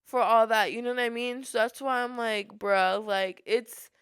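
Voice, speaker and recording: A teenage girl talking on her solo podcast, frank and fired-up, with a "like" dropped into nearly every sentence. Her voice is smooth, clear and fairly high, recorded dry and close. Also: fairly even intonation, a little fast, fairly bright tone, no echo. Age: teens. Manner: frank and fired-up, heavy use of filler like. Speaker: podcast host.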